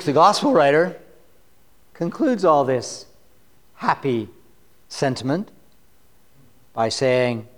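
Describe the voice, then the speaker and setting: Slow, wry preacher with a high voice. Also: male voice. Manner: conversational and wry, reads scripture with rising force. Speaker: pastor. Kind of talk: sermon.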